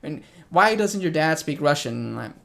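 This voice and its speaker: A young man from the United States, hosting a casual chat with a friend. His voice sits a bit on the high side for a man. He tells stories in an animated way and acts out the quoted dialogue. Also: fairly quick, creaky. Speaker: host, English teacher.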